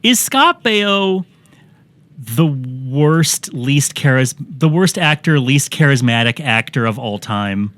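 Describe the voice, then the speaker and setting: A man's voice: mid-range voice, animated, slow pace, a bit bright, dry recording. A man hosting a podcast in casual comedic chat, with wry, sarcastic commentary and laughs at his own jokes. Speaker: podcast host.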